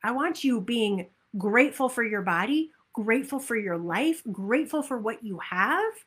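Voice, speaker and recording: A woman giving a motivational talk as a weight-loss coach, upbeat and animated, acting out people's inner voices. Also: fairly high pitch, moderate pace, slightly rough.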